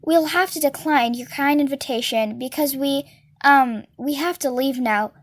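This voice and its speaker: A woman's voice: high-pitched, a little slow, no echo. A woman voicing a small clever boy who speaks in nervous, overly formal sentences. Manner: overly polite, formal wording.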